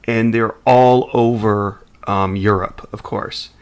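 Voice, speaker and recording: A man's voice: on the low side, fairly even intonation, takes it slowly, clear, resonant tone. Male co-host, loose jokey podcast talk, trails off and restarts a lot. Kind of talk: casual chat.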